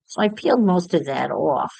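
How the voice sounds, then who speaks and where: A woman's voice: fairly low pitch, sing-song, normal speed, gravelly, darkish tone, husky, dry recording, low-quality recording. A woman chatting casually to livestream viewers while she crafts, musing aloud as she works.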